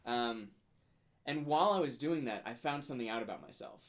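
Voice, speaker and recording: A man's voice: mid-range voice, lively intonation, fairly quick. A man playing a board game and telling an earnest, mock-heroic in-character story with casual fillers.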